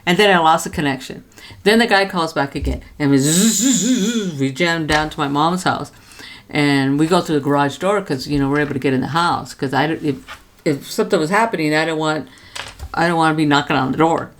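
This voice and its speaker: A woman's voice: fairly quick, slight background noise. Older woman telling a story at home. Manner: lively, jumps high when quoting others. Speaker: vlogger. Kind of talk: casual storytelling. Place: home studio.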